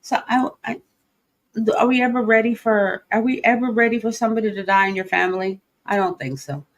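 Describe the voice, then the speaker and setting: A woman's voice: fairly high pitch, a little fast. A middle-aged woman hosting a livestream podcast, talking openly and emotionally, with many fillers and restarts. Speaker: podcast host. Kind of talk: personal livestream talk.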